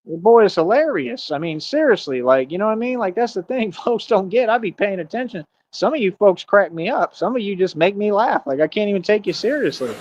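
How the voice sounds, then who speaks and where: A man on a livestream, bragging loudly and mocking rivals in a loose, rambling way. His voice sits a little higher than most men's, and his speech is full of fillers. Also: lively intonation, a little fast, hardly any pauses, muffled recording, slight background noise. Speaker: streamer. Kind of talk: livestream rant.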